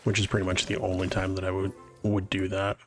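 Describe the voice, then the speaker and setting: A man's voice: sits low, completely flat delivery, fast talker, soft background music. A man streaming a video game live, chatting casually and rambling to his viewers as he plays. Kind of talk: casual live-stream chat while playing.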